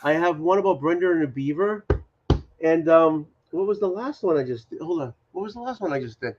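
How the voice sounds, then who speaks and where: Animated Boston man on a dull line. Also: a little high, brisk, noisy background. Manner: animated, insistent, repeats himself. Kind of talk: casual chat.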